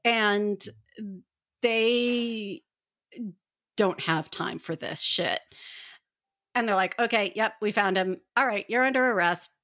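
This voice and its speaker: A woman of middle pitch recaps an episode for her co-hosts in a casual fan chat. She talks animatedly and slips into quick acted-out voices for the characters. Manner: animated, acts out characters' lines in quotes. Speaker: podcast co-host.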